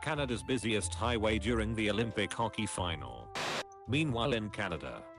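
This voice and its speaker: A man casually reading memes aloud on a stream, dropping into deadpan low voices for the punchlines. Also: a little fast. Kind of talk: casual meme reaction stream. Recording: music playing behind.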